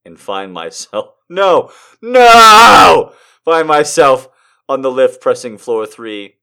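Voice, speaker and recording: Man, comedic dramatic reading, swings between hushed whispers and loud shrieks, lively pitch. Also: unhurried, smooth. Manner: mock-dramatic, swinging from whispers to shrieking, frequent laughter and swearing. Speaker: comedian reading an erotic story aloud.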